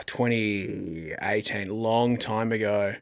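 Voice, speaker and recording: A man's voice: on the low side, slow, creaky. Laid-back Australian man telling stories. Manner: laid-back storyteller, swears casually. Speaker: actor guest. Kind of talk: casual chat.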